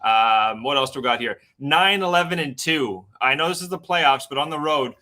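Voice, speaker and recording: Canadian man, betting show guest, excitable, rambling, bright forceful voice. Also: mid-range voice, moderate pace. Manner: excitable and rambling, many fillers. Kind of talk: sports betting talk show.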